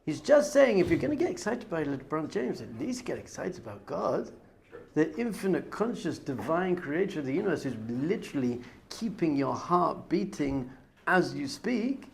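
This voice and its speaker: A rabbi teaching a Torah class in a lively, animated way, slipping into whispers and gasps as he acts out other people. His voice sits a little high with a gravelly edge, and there is faint noise under the recording. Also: normal speed. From not American.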